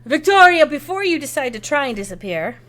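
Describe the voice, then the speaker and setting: A woman voicing a gushing female vampire with a French accent, high and breathless with excitement. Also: a little fast.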